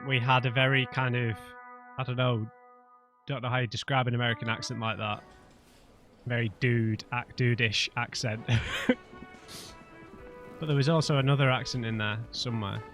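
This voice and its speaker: A man's voice: medium pitch, fairly even intonation, normal speed, long pauses, a bit bright, soft background music. A man hosting a let's play, commenting on the game in a rambling, hesitant, chatty way. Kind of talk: casual gameplay commentary.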